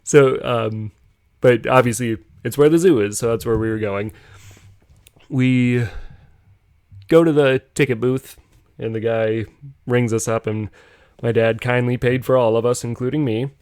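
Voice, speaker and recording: A man's voice: mid-range voice, fairly even intonation, a little slow, long pauses, darkish tone, smooth, no room sound, studio quality. A young man casually telling a rambling story on a podcast, chuckling as he goes. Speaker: podcast host.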